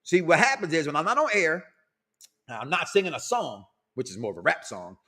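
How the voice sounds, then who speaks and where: A middle-aged man hosting a casual talk show, loud and animated, reading out listener comments and laughing often. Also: on the high side, a little fast. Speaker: podcast host.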